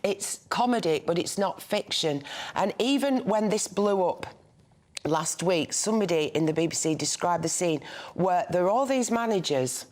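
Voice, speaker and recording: Appearing as a guest on a newspaper review, this older Northern English woman swaps anecdotes in relaxed studio chat. She sounds animated, with a lowish, darkish voice and a moderate pace.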